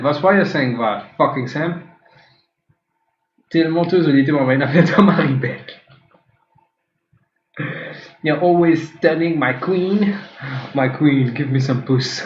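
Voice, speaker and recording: A man's voice: on the high side, echoey room, muffled recording. A man hosting a casual reaction video, sarcastic and swearing freely as he mocks clips. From Mauritius. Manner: sarcastic, swears freely, switches between English and French. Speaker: host reviewing TikTok clips.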